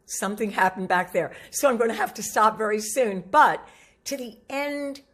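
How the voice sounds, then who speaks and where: Lady vocal coach teaching, lively, drops her voice low to show what not to do. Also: normal speed, noisy background. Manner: animated, demonstrates low and high pitches. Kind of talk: vocal lesson to camera.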